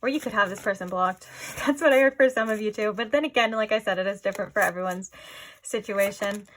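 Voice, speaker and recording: A woman giving a casual pick-a-card tarot reading, rambling and filling her talk with "like", often dropping into soft, musing asides. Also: medium pitch, fast talker, slight background noise. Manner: rambling, heavy use of "like". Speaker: tarot reader.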